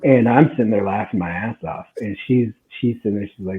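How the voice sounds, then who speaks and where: On a tinny, phone-like recording, a guest storyteller in his twenties speaks quickly in a lowish voice with hardly any pauses. He laughs, stays animated, and acts out people's quotes while casually telling his podcast story.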